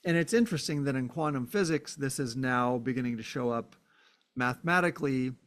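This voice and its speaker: A man's voice: medium pitch, a little fast. A man hosting a podcast, thinking aloud through a philosophical monologue with fillers and frequent "right?" checks. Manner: acts out short exclamations. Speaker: podcast host.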